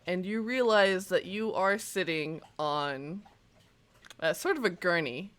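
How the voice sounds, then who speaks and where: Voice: medium pitch, takes it slowly, fairly bright tone. A game master narrating a tabletop role-playing scene, setting the mood with fillers like "sort of" and "kind of".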